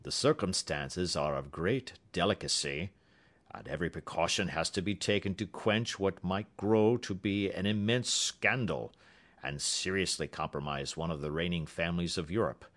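A man voicing a haughty Bohemian king with a deep, harsh voice and a German accent. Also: normal speed, fairly bright tone. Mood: formal.

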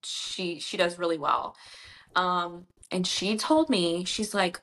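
Chatty woman, low voice. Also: fairly even intonation, slow pace, fairly bright tone. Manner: chatty, retells conversations with many "she's like". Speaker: debut novelist being interviewed. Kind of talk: casual interview chat.

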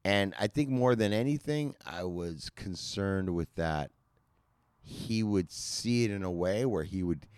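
A man's voice: low-pitched, lively intonation, measured pace, a little mellow, smooth, dry recording. A man talking in a casual podcast chat, reflective and loosely phrased, swearing freely.

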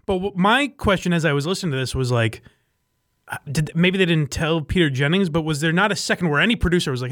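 Podcast host, man, slightly higher voice, dry close-miked sound, loose and laughing, curses casually. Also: animated, fast talker, a bit bright, dry recording. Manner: laughing, loose, swears freely. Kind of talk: casual chat.

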